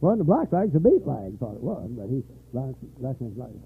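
An older man preaching a revival sermon, dropping to weary low talk and rising to shouted, high-pitched fervor. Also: very animated, a little fast, vocal fry, breathy edge. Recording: tinny lo-fi church recording.

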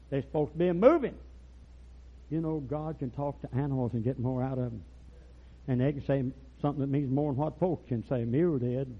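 An older man preaching a rural revival sermon, telling folksy stories and breaking into loud preaching bursts. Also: medium pitch. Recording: dull lo-fi church recording.

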